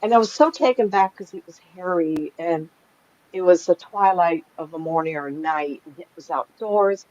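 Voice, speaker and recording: A woman's voice: on the low side, normal speed, darkish tone. A middle-aged woman, a psychic medium, telling stories in a casual chat and laughing often. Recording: slightly dull lo-fi sound.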